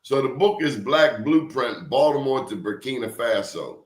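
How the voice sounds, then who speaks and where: A man talking in an animated, emphatic way, leaning on blunt slang as he tells his stories. His voice sits at an ordinary middle pitch, and the room around him gives it a noticeable echo. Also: normal speed. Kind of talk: casual conversation. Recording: roomy echo.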